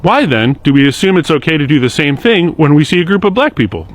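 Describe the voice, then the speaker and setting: Talking fast in a fairly high, sing-song voice, a man hosts brief explainer videos for social media. His scripted piece to camera comes across as straightforward and sincere, lightly laced with sarcasm.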